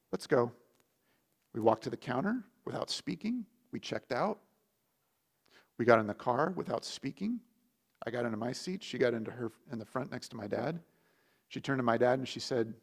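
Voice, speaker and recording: A man's voice: medium pitch, gravelly. Man telling a sermon story. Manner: animated storytelling with lively shifts in volume. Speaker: pastor.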